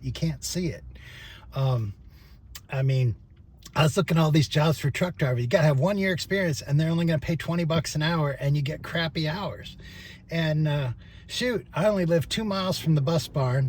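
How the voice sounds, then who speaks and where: A man's voice: a little high, breathy edge. Rambling older man, casual and profane. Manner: rambling, chatty and profane, with frequent fillers and chuckles. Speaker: vlogger, former trial attorney.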